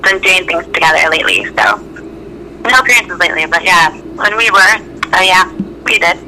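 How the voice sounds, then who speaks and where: A woman being interviewed, chatting in a relaxed, upbeat way and laughing easily. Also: on the low side, normal speed, a little hiss or hum, rough recording. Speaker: guest. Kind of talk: casual interview chat.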